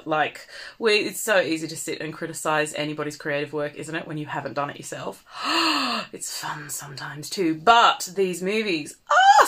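A woman's voice: deep voice, a bit bright. An Australian woman, an operatic mezzo soprano, chatting playfully and self-mockingly between songs on a home livestream. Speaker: cabaret singer and livestream host.

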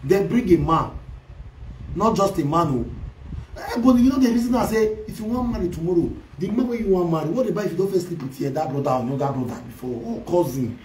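A man delivers a mocking, loud social media rant, switching between Pidgin, Yoruba and Igbo. His voice sits high for a man and rings in a roomy, echoey space. He sounds set back from the microphone. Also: expressive, quick pace, far from the mic, slight background noise. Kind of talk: ranting livestream commentary.

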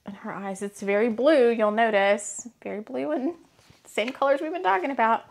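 A woman's voice: fairly high pitch, creaky. A woman reading oracle cards in a casual, gushing way, laughing often as she talks about her decks and her books. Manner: gushing and excitable, quick to laugh. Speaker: spiritual energy reader and deck author.

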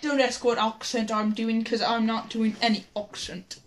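Giggling and chatting, a female host runs a casual video, assigning challenges and scoring them. Her fairly high voice holds a level tone at normal speed, recorded from a distant mic in a roomy space with background noise.

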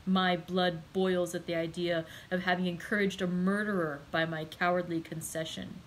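Storybook reading: a woman doing a low-voiced, indignant doctor. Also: flat delivery, normal speed, slight background noise, close to an everyday voice, poor audio. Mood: solemn. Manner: low, solemn. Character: grave indignant male doctor.

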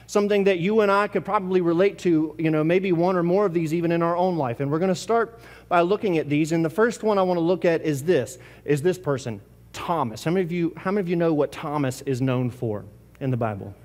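A man's voice: on the high side, fast, darkish tone, big-room sound. A man preaching a sermon as pastor, talking casually and asking the congregation questions. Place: church sanctuary.

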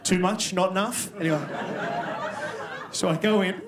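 A man's voice: high-pitched, fairly even intonation, moderate pace. A man doing stand-up in a comedy club, brash and swearing, speaking into a handheld stage mic. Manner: brash, swearing, loud crowd-working delivery. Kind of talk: stand-up set. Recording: live club recording, crowd noise.

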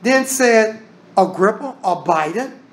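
A man's voice: high voice, animated, takes it slowly. A man teaching a Bible study. He reads scripture aloud and explains it in plain, casual talk. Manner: casual Southern American grammar.

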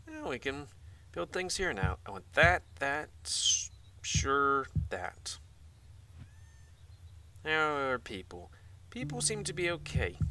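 A man's voice: fairly high pitch, big pitch swings, takes it slowly, long pauses, noisy background. A man giving rambling, casual let's-play commentary, muttering asides to himself and swearing now and then. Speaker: gaming channel host. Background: game music.

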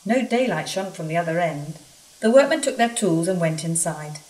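A woman narrating a children's railway storybook with an expressive, lively delivery and a somewhat low voice. She sounds set back from the microphone in an echoey room. A faint hiss sits under the voice. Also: moderate pace, far from the mic. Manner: expressive, animated reading. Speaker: storybook reader.

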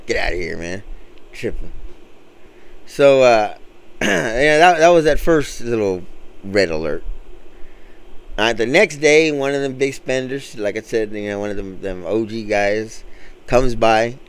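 A man's voice: medium pitch, lively intonation, measured pace, smooth. A man telling a story to his viewers in a casual, slangy street manner, acting out what other people said. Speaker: channel host.

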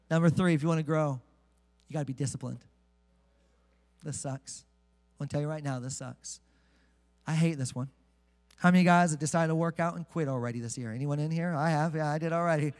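Pastor guy preaching, jokey and pumped, drags out the bible verses, big echoey church. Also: fairly high pitch. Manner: energetic and joking, slows way down to read scripture. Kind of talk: sermon. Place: church sanctuary with congregation.

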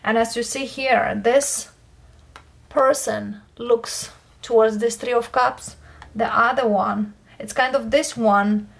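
Slow, high-voiced woman reading tarot. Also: fairly even intonation, vocal fry. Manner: unhurried, checks in with "okay?" and repeats "I feel here". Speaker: tarot reader.

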